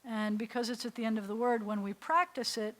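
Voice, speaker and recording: A woman's voice: a little high, fairly even intonation, brisk. A woman rabbi teaching a beginners' Hebrew class, patiently sounding out syllables and repeating them, sometimes correcting herself as she goes. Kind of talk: classroom lesson. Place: synagogue classroom.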